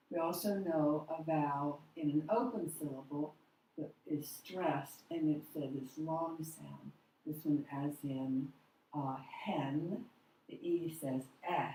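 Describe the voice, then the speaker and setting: Low-voiced lady teacher going slow through a phonics lesson, echoey classroom. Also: mellow, slight background noise. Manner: patient, deliberate, models words slowly.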